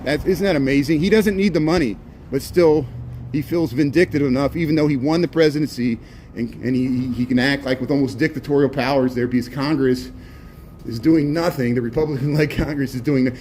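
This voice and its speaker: On a handheld phone, a man narrates his casual walking live stream around the city with a mid-range, darkish voice that moves a little fast. His commentary wanders, chatty and laced with sarcasm, over passing traffic and street noise.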